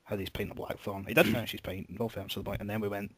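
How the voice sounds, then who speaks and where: A man's voice: on the low side, flat delivery, very fast, breathy edge. A young man hosting a podcast, telling a rambling story with swearing and laughter. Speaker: podcast host. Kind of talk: casual storytelling chat.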